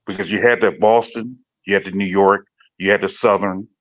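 A man from Illinois chatting on a podcast in a measured, matter-of-fact way. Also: deep voice, steady tone, fairly bright tone, highs cut off. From Peoria, Illinois. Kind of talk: casual podcast chat.

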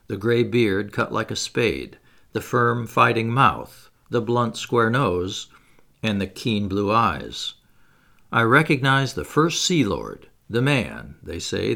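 A man reading a classic adventure novel aloud as an audiobook, in an expressive, dramatic way. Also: on the low side, vocal fry. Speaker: audiobook narrator.

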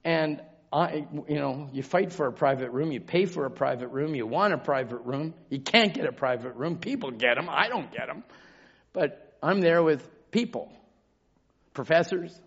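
A man telling a personal testimony in a sermon, moving from quiet storytelling to shouted preaching. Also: on the high side, animated, moderate pace, vocal fry, husky. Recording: dull lo-fi recording.

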